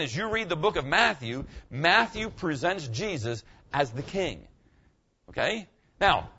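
Older guy pastor preaching, kinda high voice, chatty, keeps saying okay, gets loud at times, muffled lo-fi recording. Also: breathy edge. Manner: conversational, keeps asking the congregation "okay?", swings from quiet to shouting. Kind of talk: sermon. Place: church.

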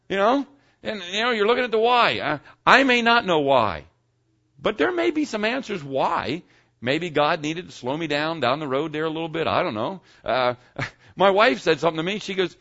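A middle-aged man preaches in a relaxed, folksy way, stopping often to check that his listeners are with him. His voice sits a little high for a man and swings widely in pitch. The recording is muffled and lo-fi. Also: moderate pace. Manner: folksy, conversational preaching with frequent "okay?" check-ins. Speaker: pastor. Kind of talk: sermon.

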